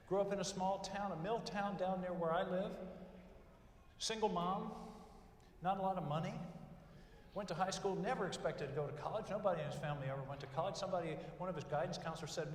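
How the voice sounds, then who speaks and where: A man's voice: high-pitched, a little fast. An older man delivering a graduation speech, telling folksy stories and counting off numbered pieces of advice. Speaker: commencement speaker. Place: large hall at a graduation ceremony. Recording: echoey hall from far off.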